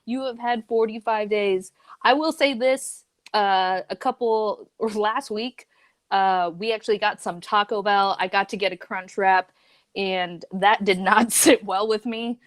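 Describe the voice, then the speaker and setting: Young woman, casual youth-stream host, laid-back, full of "like" and "man", mid pitch. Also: fairly even intonation, measured pace. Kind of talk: casual livestream chat reading memes aloud.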